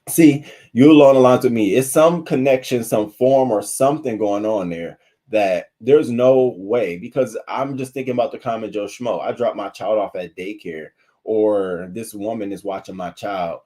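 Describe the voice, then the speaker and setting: A man hosting a casual livestream news commentary, animated and profane, talking to his viewers between stories. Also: lowish voice, moderate pace.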